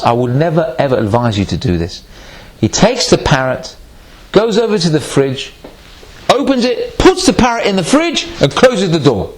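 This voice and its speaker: A male rabbi gives a lively Torah lesson, and his delivery is animated. His voice sits high and leaps around a great deal, rising and falling as he spins a joke for his listeners. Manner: animated storyteller, swooping between high and low. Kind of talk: Torah class with a told joke.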